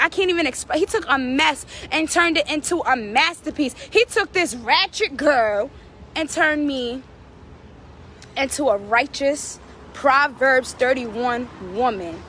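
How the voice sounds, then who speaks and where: A woman's voice: sits high, animated, unhurried, a bit bright, slight background noise. A woman vlogger giving fervent, preachy encouragement, repeating phrases for emphasis. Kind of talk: casual inspirational talk.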